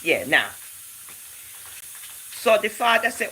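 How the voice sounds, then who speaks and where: A woman's voice: medium pitch, slow, long pauses, slight background noise, rough recording. A woman with a Jamaican accent hosting a casual livestream, reading scripture aloud in a preachy way and thanking viewers by name. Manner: animated, preachy, addresses chat viewers by name. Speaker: livestream host.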